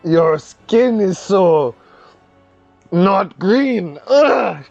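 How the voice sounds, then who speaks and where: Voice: mid-range voice, animated, very slow, vocal fry, a little mellow, dull audio, soft background music, voice pushed up, full character voice. A game master voicing a goblin who is disgusted by humans, groaning and pleading. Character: squeamish disgusted goblin, easily grossed out.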